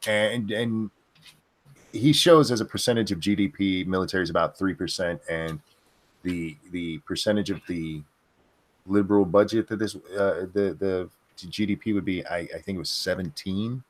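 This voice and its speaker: Low-voiced, deadpan male co-host. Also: moderate pace. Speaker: podcast co-host. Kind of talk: casual livestream chat.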